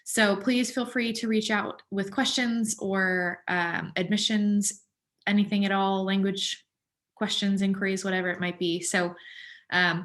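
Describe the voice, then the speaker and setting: A woman's voice: medium pitch, a bit bright. Woman admissions host on a video call, friendly, upbeat. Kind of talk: webinar hosting.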